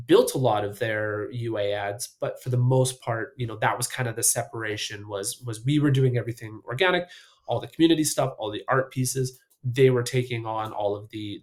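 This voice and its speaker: A man's voice: mid-range voice, moderate pace, darkish tone. A middle-aged man talking casually as a podcast guest, full of fillers and restarts. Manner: rambling with many fillers and restarts. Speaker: podcast guest, marketing founder. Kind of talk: casual interview talk.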